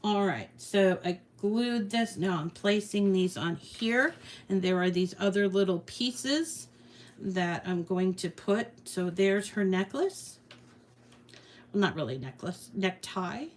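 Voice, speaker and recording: Slow-talking chatty craft tutorial woman. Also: mid-range voice, animated. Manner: chatty, rambling, self-deprecating. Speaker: craft channel host. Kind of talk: casual crafting tutorial with live chat.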